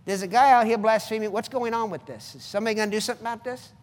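An eager, indignant shepherd boy, acted out by a preacher, begs for a chance to fight. The voice stays high in pitch. It echoes around a large hall with a long reverb. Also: rapid-fire, natural voice.

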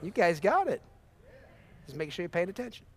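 A man's voice: sits high, very animated, brisk. A man preaching a sermon with impassioned, repetitive phrasing and sudden bursts of praise.

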